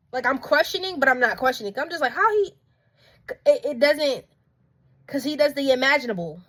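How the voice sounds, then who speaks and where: A woman speaks in a high, bright register. She preaches in an emphatic, heartfelt monologue and hammers her points home by repeating them. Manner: passionate, emphatic, repeats phrases. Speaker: faith vlogger.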